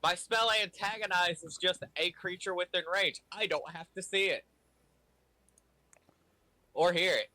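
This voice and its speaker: A man at a tabletop game talks through his spells with a bright, slightly high voice. He reads the rules haltingly, with many pauses and fillers. The sound is dry and close to the mic. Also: dry recording. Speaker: player. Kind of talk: casual tabletop play.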